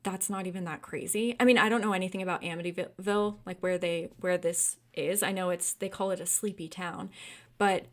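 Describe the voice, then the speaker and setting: A young woman from California hosting a casual livestream book discussion, animated and quick to laugh and get worked up. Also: lowish voice. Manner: animated, laughs often, gets heated and incredulous. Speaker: book club host.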